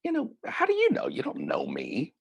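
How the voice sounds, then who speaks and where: A man's voice: medium pitch, wildly swooping pitch, normal speed, creaky, slightly rough, pitched above the performer's own voice, full character voice. A man imitating a hesitant young woman in her early twenties calling a radio show. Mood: puzzled. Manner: hesitant, questioning.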